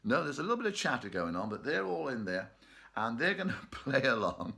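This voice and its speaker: A man's voice: medium pitch, big pitch swings, brisk, gravelly, pushed and bright. A man leading an online choir rehearsal from his bedroom, chatty and joking, laughing often. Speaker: choir leader. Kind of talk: casual online rehearsal chat. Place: bedroom at home.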